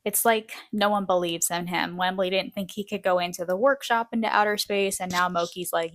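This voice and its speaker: Chatty woman recapping a show, low and dry. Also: fairly even intonation, fairly quick, hardly any pauses. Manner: chatty, acts out quotes, frequent "like". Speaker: video essay host. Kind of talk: casual show recap narration.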